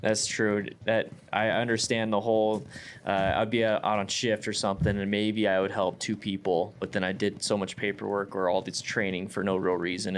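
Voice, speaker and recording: Young firefighter guy interviewing, lowish voice, bit of hiss behind. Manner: eager, laughs easily, hesitant restarts. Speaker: interview host, firefighter and EMT. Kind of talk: casual interview chat.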